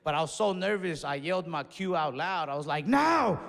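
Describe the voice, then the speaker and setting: A young man doing stand-up comedy, telling a story in casual slangy talk and breaking into loud acted-out yells. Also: fairly high pitch, fairly quick, slight background noise. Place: comedy stage in a large venue. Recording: live show in a reverberant hall with audience.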